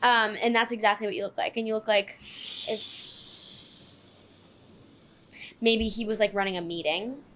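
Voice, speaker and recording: A young woman co-hosting a podcast, telling stories in a casual chat and acting out quotes with big jumps in pitch. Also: steady tone, a little slow, pauses often, background noise. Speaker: podcast co-host. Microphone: podcast studio mic.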